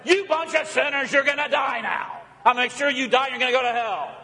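A man acting out an angry male God who shouts threats and scolds sinners, in a sermon. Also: very high voice, expressive, quick pace, long reverb tail, pitched above the performer's own voice, full character voice. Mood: furious.

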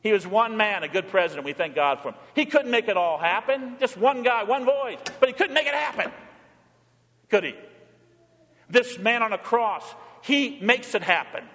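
A man's voice: high-pitched, lively intonation, normal speed. Preaching man in a reverberant hall. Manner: emphatic preaching, swinging between forceful and hushed. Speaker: pastor. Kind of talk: sermon.

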